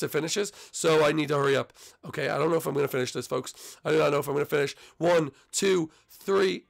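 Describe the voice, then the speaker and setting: A young man hosting his gaming channel, giving excitable, trash-talking commentary on his own play. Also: fairly high pitch, gravelly.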